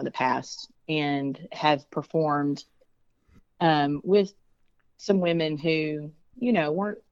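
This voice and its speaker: A woman's voice: low-pitched, darkish tone, no echo, dull audio. A woman singer speaking as an interview guest, chatty and frank, with many fillers. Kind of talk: casual interview talk.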